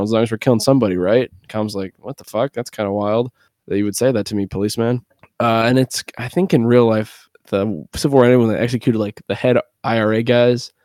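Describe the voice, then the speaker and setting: A podcast co-host talks fast and loose, acting out bits of movie dialogue as he recaps the story. He is a man with a mid-range voice, recorded close and dry. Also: mid-range voice, darkish tone, no echo. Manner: retells scenes in quick quoted snippets, heavy "like". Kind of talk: casual movie discussion.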